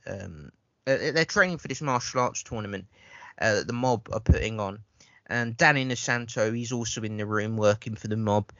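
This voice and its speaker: A man's voice: lowish voice, fairly bright tone, no echo. A man hosting a podcast, reviewing a film in a rambling, profane chat that is full of stammered restarts. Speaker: podcast host. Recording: dull lo-fi sound.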